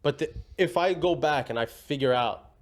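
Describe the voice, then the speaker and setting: A man's voice: a little high, moderate pace, slight background noise. A young man telling family stories in a rambling, slangy way, laughing as he goes. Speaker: guest. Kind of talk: casual storytelling.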